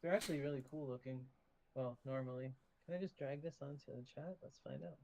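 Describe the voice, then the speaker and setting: A man's voice: mid-range voice, quick pace, darkish tone, dull audio, a little hiss or hum. A man running a tabletop game who explains rules casually, with many fillers and restarts. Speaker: game master.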